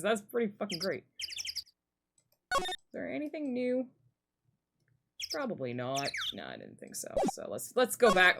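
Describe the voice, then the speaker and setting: A woman's voice: medium pitch, huge pitch swings, normal speed, pauses often, background noise. A woman streamer reading game dialogue aloud and making sarcastic asides between the lines, with game music playing behind her. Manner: swings between character voices and sarcastic asides.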